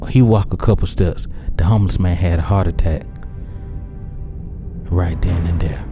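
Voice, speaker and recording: A man casually telling an absurd story in a deadpan, slangy, unhurried way. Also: low-pitched, music in the background.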